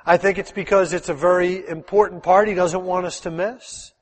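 A middle-aged man, a pastor, preaching a sermon in a lively, conversational way full of rhetorical questions. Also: sits high, moderate pace, big-room sound.

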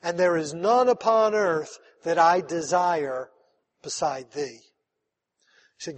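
A man's voice: fairly high pitch, unhurried. A man, a pastor, preaching a conversational sermon that builds to emphatic, rising calls to his congregation. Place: church sanctuary. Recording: long hall reverb.

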